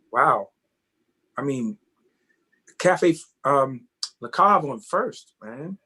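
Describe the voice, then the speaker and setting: High-voiced man telling stage stories. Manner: animated, keeps asking "you know what I mean?". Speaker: guest, tap dancer. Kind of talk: casual interview storytelling.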